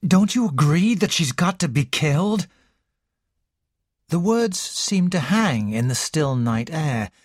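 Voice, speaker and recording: An audiobook narrator reading a story in a measured, expressive way. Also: mid-range voice, no echo, clean studio sound. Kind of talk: scripted narration.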